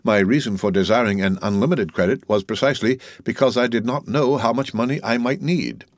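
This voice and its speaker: A man reading the part of a cold, suave, gentlemanly wealthy count, in a coolly ironic, unhurried manner. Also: medium pitch, no room sound, clean studio sound, close to an everyday voice. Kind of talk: audiobook character reading.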